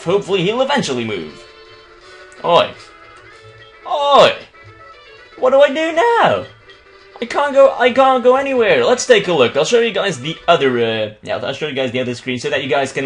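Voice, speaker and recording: A young Belgian man who doesn't speak English narrates a video game in loose, crude let's play style. His slightly high voice bounces around lively as he rambles casually with many restarts, while faint music plays in the background.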